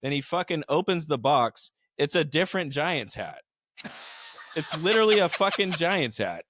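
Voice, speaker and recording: A man's voice: a little high, very animated, moderate pace, fairly bright tone, a little hiss or hum. A man co-hosting a podcast in casual chat, laid-back and swearing freely. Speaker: podcast co-host.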